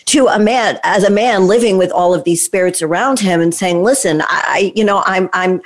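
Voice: mid-range voice, moderate pace. An interview host who talks in a chatty, eager way with loose phrasing, steering the guest to his stories. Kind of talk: casual interview.

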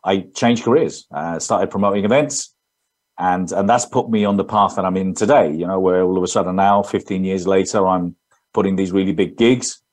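A man's voice: low-pitched, moderate pace, darkish tone. A man in his fifties with an English accent, answering interview questions in an earnest, rambling way with frequent restarts. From England. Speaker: guest entrepreneur.

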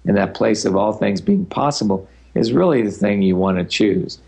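An older man with a notably deep, low-pitched voice speaks in an easygoing, loose way. He rambles through his answers in a relaxed interview, with a teasing edge now and then. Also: normal speed, gravelly, husky. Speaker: guest speaker and facilitator.

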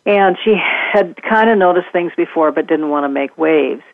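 A woman, a communication trainer, speaking as a guest in an interview, talking in a gentle, measured and reflective way. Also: deep voice, gravelly, dry recording. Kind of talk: conversational interview. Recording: dry tinny phone line.

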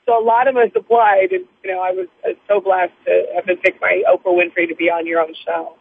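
A woman guest with a raspy morning voice, talking in a chatty, effusive way during a phone interview. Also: fairly low pitch, little pitch movement, fast, slight background noise. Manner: chatty, effusive, laughs often. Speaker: guest, TV news reporter. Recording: tinny phone line, dry.

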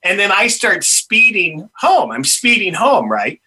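A man's voice: high voice, measured pace. An older man telling a funny personal story in a casual chat, laughing often and acting out what people said. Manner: animated, laughs often, acts out dialogue. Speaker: podcast guest, punk musician.

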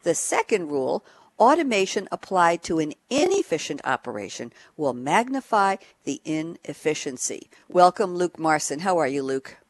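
A woman's voice: lowish voice, sing-song, normal speed, no room sound. A woman hosting a radio talk show, introducing panel guests with an enthusiastic, emphatic manner and frequent laughs.

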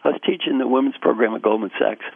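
An older man, an executive coach, giving animated storytelling answers in an interview over the phone. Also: mid-range voice, fast talker, vocal fry, background noise. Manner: animated storyteller, acts out quotes. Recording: tinny phone line.

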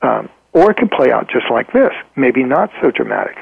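A man telling a client story as a guest in a podcast interview, earnest and halting, with frequent ums and restarts. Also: mid-range voice, big pitch swings, vocal fry, husky, dry recording. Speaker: guest therapist. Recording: tinny phone-like line.

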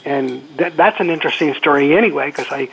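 An older man, an actor guest, telling a story on a call-in interview in a relaxed, halting way. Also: a little high, creaky, slightly rough. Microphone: telephone. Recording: phone-line call-in.

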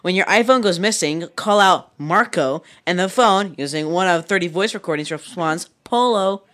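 A man's voice: high-pitched, moderate pace, sharp tone. A man co-hosting a tech podcast in casual chat, teasing and laughing often. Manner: giggly, teasing. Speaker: podcast co-host.

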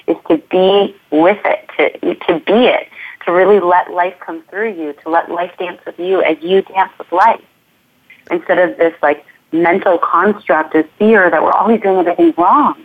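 A woman's voice: on the low side, fairly even intonation, moderate pace. A woman movement teacher speaking as an interview guest, earnest and flowing, often repeating her phrases. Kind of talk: reflective conversational interview. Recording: tinny phone-like line.

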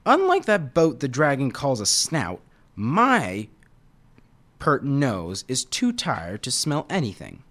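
A man's voice: medium pitch, wildly swooping pitch, takes it slowly, a bit bright, full character voice. Man doing a cheeky teasing monkey. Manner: mocking.

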